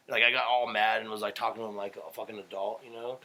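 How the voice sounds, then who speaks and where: A man's voice: on the low side, level tone, fast, hardly any pauses, pushed and bright, low-quality recording. Swearing, fired-up young man. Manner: swearing, rambling, heated storytelling. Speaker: podcast guest. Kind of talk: casual podcast chat.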